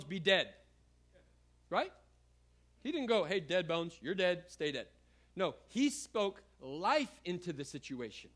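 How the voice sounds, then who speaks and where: A male pastor in the middle of a sermon, reading scripture aloud and breaking off to talk straight to his listeners. His voice sits a little high for a man. He repeats words and throws in casual asides as he goes. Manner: animated preacher, repeats words, conversational asides.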